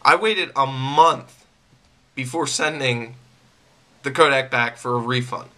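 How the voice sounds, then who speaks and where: A man's voice: medium pitch, slow pace, bright, forceful tone. A man venting to camera about a refund, irritated and repeating himself, with stammering restarts. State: angry. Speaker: vlogger.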